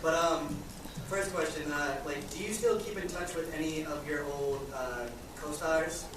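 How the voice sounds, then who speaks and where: A man's voice: on the high side, measured pace, noisy background. A man, a fan asking a panel guest a question, talking hesitantly with many fillers. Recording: distant in an echoey hall.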